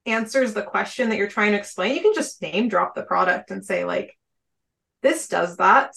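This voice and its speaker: A woman's voice: medium pitch, vocal fry, a bit bright. A woman speaking as a podcast panelist in a casual discussion, chatty and rambling with frequent fillers.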